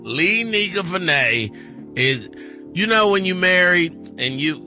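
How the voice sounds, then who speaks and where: A middle-aged man with a high, light voice co-hosts a gospel morning radio show from the studio. He chats in a playful, churchy way and now and then breaks into shouted praise. A clear music bed plays under him. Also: animated, a little slow. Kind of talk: casual gospel radio chat.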